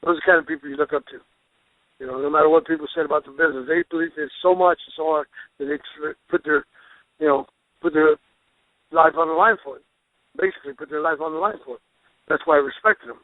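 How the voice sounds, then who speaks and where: A man who is a pro wrestler, a guest telling rambling, animated stories with restarts and folksy exclamations. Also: on the high side, quick pace, pauses often, no room sound. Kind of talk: storytelling interview. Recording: phone line, dry.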